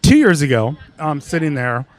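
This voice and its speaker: Male co-host with a high voice, excitable and full of restarts, casual banter. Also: normal speed. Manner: excitable, lots of "I'm like" and trailing restarts. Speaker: podcast co-host. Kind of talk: casual banter, interviewing a guest. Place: sports bar.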